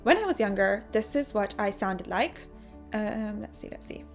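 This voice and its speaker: A woman's voice: mid-range voice, animated, moderate pace. Woman, 25, accent blending English with an Irish-sounding lilt; earnest, apologetic vlog chat with faint music behind. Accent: mixed, English with an Irish-sounding lilt. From England. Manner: earnest, apologetic, over-explaining. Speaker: YouTuber. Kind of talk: casual chat to camera.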